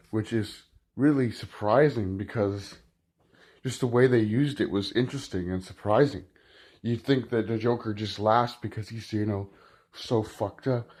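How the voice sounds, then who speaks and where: A man's voice: mid-range voice, darkish tone. Man, mid-range voice, casual film review, rambling, filler-heavy. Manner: rambling, with frequent "like" and restarts.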